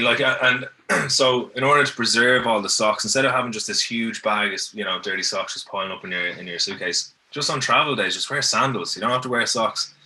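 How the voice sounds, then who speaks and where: This is a fairly low, pushed and bright male voice belonging to an Irish guest on a podcast. He rambles through casual stories, restarting often, and is recorded from a distance.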